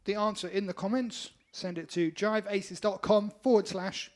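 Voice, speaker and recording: A man with a high voice reads viewer messages aloud during a band's livestream. His asides are dry and matter-of-fact. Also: steady tone, normal speed. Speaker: band member reading viewer comments. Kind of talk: casual chat on a livestream.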